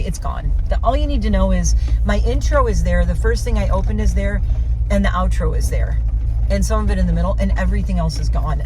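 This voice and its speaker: Lady vlogging outside on a farm, kinda low voice, rambly, lots of noise behind her. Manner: rambling, self-deprecating, coos at animals. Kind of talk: casual vlog chat. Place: outdoors on a farm.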